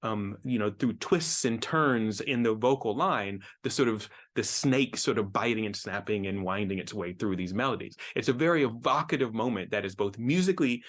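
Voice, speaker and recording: A man's voice: lowish voice, normal speed, hardly any pauses, a bit bright. A middle-aged man, a music professor, giving an enthusiastic explanatory lecture, often repeating words as he thinks. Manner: enthusiastic, repeats words while thinking, sings short snippets.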